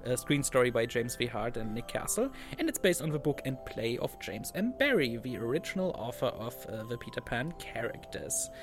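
A man's voice: medium pitch, very animated, fairly quick, few pauses, over music. A man co-hosting a casual podcast, chatty and jokey, laughing often. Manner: jokey, puts on a brief pirate voice, laughs often. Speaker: podcast co-host. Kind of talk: casual chat.

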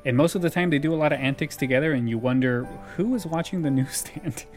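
A man's voice: a little high, fast, darkish tone, faint music behind. A man hosting a casual chat, retelling a sitcom episode and laughing often as he goes. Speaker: podcast host recapping a sitcom.

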